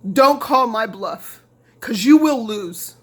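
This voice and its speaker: Speaking slowly and expressively, a middle-aged woman from Lafayette, Indiana, delivers an angry, profane rant direct to camera. She repeats lines and mocks others in quoted voices. Her voice is fairly high and husky.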